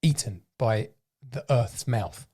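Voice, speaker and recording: A male podcast host chatting in a studio, his voice sitting at an ordinary middle pitch. He talks loosely and rambles, working out his thoughts as he goes. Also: slow pace, mellow, breathy edge. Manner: loose, rambling, thinks aloud. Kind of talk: casual chat.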